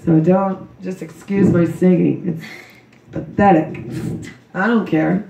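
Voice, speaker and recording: A hoarse woman with a cold gives a rambling, emotional memorial tribute to her daughter. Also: fairly low pitch, fairly even intonation, slow pace, dark tone. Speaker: grieving mother giving a memorial tribute. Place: memorial service room. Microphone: recorded from a distance by someone in the room. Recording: dull, roomy, distant recording.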